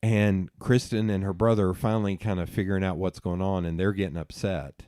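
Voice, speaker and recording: Man, middle-aged, low mellow voice, lively swearing storyteller, dry close sound. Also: brisk, clean tone, no echo. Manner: animated storyteller, swearing, laughing at himself. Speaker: podcast host. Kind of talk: casual storytelling chat.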